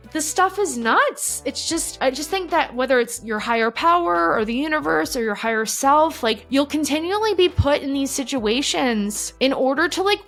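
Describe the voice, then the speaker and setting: A woman with a fairly high voice talks openly in a casual podcast chat. She swears without hesitation and peppers her sentences with "like". Faint music runs underneath. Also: fairly bright tone. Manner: candid, swears freely, many filler "like"s. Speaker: podcast guest. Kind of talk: casual conversation.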